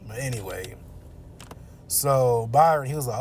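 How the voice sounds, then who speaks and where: A man's voice: medium pitch, measured pace, slight background noise. A man casually recapping a movie from his car, laid-back and slangy with frequent chuckles.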